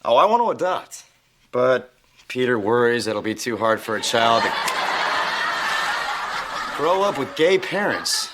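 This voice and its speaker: An actor playing an emotional, earnest young masseur who is sentimental and easily moved. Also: male voice, mid-range voice, very animated, a little slow, pauses often, very noisy. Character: emotional young male masseur, gentle and tearful.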